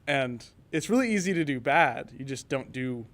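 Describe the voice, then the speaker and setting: A young man, a student on a class game project, chatting casually on a panel as a relaxed storyteller who laughs easily. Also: medium pitch, normal speed.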